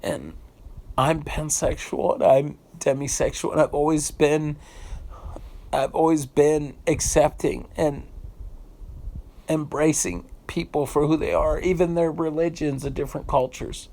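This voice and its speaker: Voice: mid-range voice, steady tone, measured pace, darkish tone. A vlogger from the United States giving an emotional, unscripted rant, indignant and swearing freely, often repeating phrases while searching for words.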